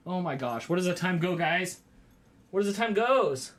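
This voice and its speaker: A man's voice: sits high, animated, moderate pace, fairly bright tone. A man in his thirties hosting a casual home livestream, rambling and chatting with viewers and often exclaiming as he goes.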